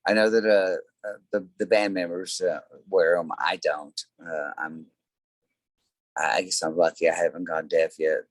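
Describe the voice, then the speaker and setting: A very deep-voiced man speaks as a guest in a relaxed interview, his talk full of "uh" and "you know" as he rambles through stories. The sound is dry and close, with no room behind him. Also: moderate pace, no room sound, rough recording. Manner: rambling storyteller, many fillers. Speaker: guest, tribute band singer. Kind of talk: casual interview chat.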